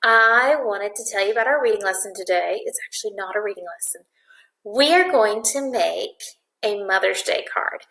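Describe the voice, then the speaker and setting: A woman's voice: mid-range voice, moderate pace, bright, forceful tone. Echoey-voiced woman teacher guiding small children. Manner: patient, clear step-by-step instructions. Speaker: first-grade teacher. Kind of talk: video craft lesson for young children. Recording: echoey room.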